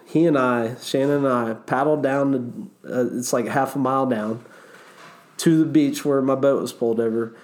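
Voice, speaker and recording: Man, storyteller, mid-pitched, casual, animated, swears, acts out quotes. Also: moderate pace. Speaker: river guide telling a story.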